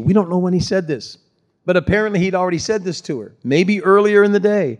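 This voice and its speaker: A man's voice: high-pitched, fast. A middle-aged man, a pastor, giving a sermon in a conversational, folksy way with touches of humor.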